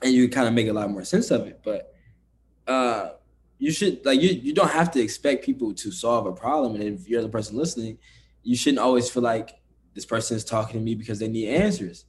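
A man talking as a podcast guest in a laid-back, conversational way, often dropping soft and low as he explains. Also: fairly quick, slight background noise. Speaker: guest, entrepreneur. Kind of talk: casual interview chat.

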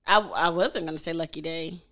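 Young woman co-host, casual chat; loud, animated, bright and forceful tone. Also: low-pitched, brisk. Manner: loud, animated, laughs often. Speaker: podcast co-host.

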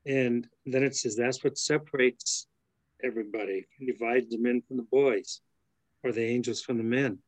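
A man's voice: medium pitch, steady tone, moderate pace, dry recording. A man in a study group reading a passage aloud and then reflecting on it over a video call. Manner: thoughtful, reads aloud then muses.

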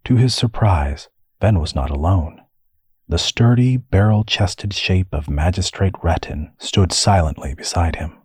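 A man narrating a fantasy audiobook story in a measured storytelling way. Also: sits low, expressive, a little mellow, breathy edge, no room sound.

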